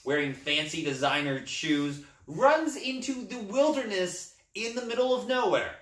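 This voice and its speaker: Excited man gushing about a film. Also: a little high, a little slow, hardly any pauses. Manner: enthusiastic, rambling film gushing. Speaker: podcast co-host. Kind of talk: casual movie chat. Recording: echoey room, distant mic.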